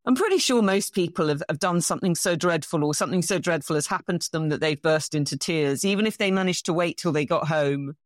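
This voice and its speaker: Brief: middle-aged English woman, lowish voice, animated anecdotal guest, dry close sound. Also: fast talker, hardly any pauses, no echo. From England. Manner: anecdotal, self-deprecating, animated storytelling. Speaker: bridge champion guest. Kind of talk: casual interview.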